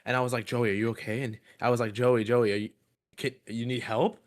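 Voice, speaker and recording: A man's voice: medium pitch, level tone, fairly quick. Man, stream co-host, laid-back, slangy, casual storytelling. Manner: laid-back, slangy, laughs while telling stories.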